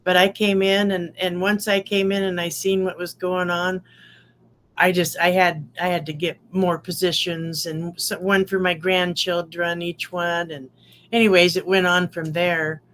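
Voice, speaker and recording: A woman's voice: on the low side, level tone, unhurried, a bit bright, slight background noise. An older woman with grandchildren giving a rambling, heartfelt testimonial to her online community. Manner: heartfelt, rambling, trailing restarts.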